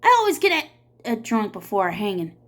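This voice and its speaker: A woman reading aloud and voicing a drunk, leering small-town sheriff who talks in a slow drawl. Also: mid-range voice, sing-song.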